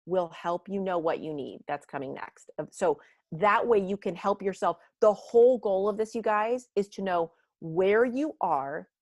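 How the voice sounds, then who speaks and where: A middle-aged woman teaching a leadership workshop, her voice at an everyday middle pitch. She is animated and likes to act out the voices she quotes. The sound is dry and close, with no room in it. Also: normal speed, dry recording.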